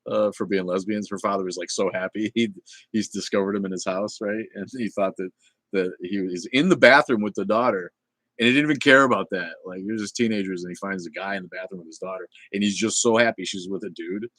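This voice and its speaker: A middle-aged man with a lowish voice chats through a livestream, drifting from one thing to the next with plenty of ums and false starts. His tone is blunt and irreverent, and the sound is dry, close, with almost no room. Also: fast, a bit bright, no echo. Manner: rambling, chatty, with many fillers and restarts. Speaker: livestream host. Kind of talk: casual livestream chat reading viewer comments.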